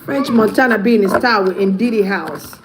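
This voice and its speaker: A woman's voice: mid-range voice, normal speed, noisy background. A woman vlogger giving blunt, profane gossip commentary, often breaking into laughter. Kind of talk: casual commentary.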